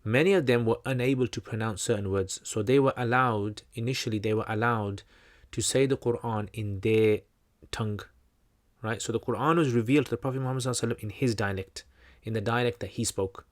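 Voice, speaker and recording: A man's voice: medium pitch, fast. A man hosting a livestream Q&A, teaching in a loose, conversational way, full of fillers and restarts. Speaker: channel host answering questions.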